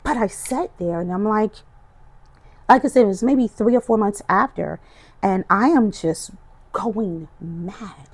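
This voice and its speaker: Middle-aged woman guest with a gravelly voice; emotional, animated personal testimony. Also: mid-range voice, measured pace. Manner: expressive, animated storytelling, voices her past self. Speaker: podcast guest.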